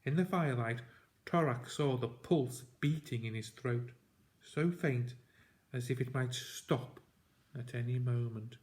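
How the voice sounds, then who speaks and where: A man narrating a storybook aloud at a slow, careful pace. His voice sits at an ordinary middle pitch, and each line is measured and deliberate. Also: darkish tone. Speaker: audiobook reader.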